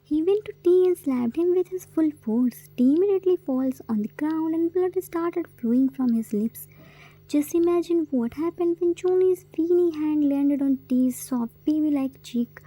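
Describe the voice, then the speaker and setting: A woman reading fan fiction aloud, narrating in an even, steady way. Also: sits high, rough recording. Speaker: story reader.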